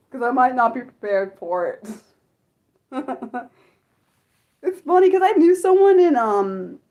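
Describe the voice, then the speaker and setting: A young adult woman chatting casually on her livestream, apologetic and self-deprecating, swearing a lot and swinging from high laughing squeals to low mutters. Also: a little mellow. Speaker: livestream host. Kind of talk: unscripted livestream chat with viewers.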